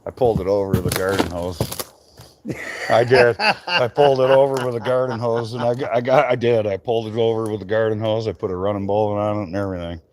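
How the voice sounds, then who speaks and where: A man's voice: fairly low pitch, quick pace, slight background noise. A man from Michigan who runs a tree business, chatting casually and swearing freely on a live stream from an outdoor work site. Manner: swears freely, loose rambling talk.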